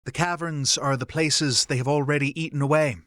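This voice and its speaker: A man voicing a calm, formal male Fae who sounds detached and distant. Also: on the high side, no room sound, clean studio sound, close to an everyday voice. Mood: remote. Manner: measured, formal delivery.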